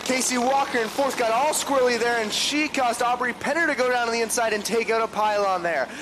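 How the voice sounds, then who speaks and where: A man doing live play-by-play commentary, rattling off a long starting lineup and calling the action. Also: very high-pitched. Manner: rapid lineup roll call, then excited calls. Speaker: race commentator. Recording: noisy trackside broadcast with engine noise.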